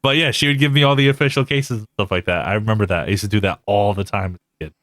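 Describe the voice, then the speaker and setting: A man's voice: on the low side, rapid-fire, a bit bright, no echo, studio quality. A man co-hosting a podcast in casual chat, laid-back and slangy, filling talk with "like.". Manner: laid-back, slangy, laughs often, lots of "like". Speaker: podcast co-host.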